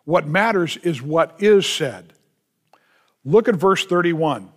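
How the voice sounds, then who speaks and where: A man, a pastor, preaching a sermon with emphatic, drawn-out stresses and quick asides to the congregation. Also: a little high, animated.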